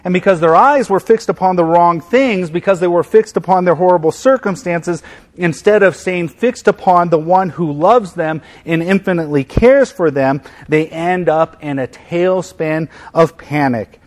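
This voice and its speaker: Emphatic preacher, slightly high male voice. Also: normal speed. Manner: emphatic, repeats key phrases, swings from loud stress to quiet. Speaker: pastor. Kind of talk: sermon.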